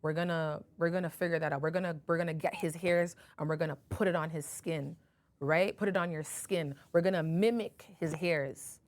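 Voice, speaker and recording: A woman's voice: low voice, steady tone, normal speed, natural voice. Woman doing a scheming reassuring mother.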